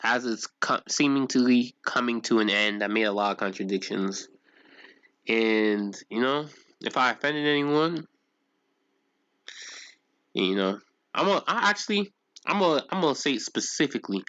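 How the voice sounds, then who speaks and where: A man's voice: mid-range voice, expressive, moderate pace, long pauses, fairly bright tone, highs cut off. A man streaming live and talking to his chat in a ranting, incredulous way, full of rhetorical questions.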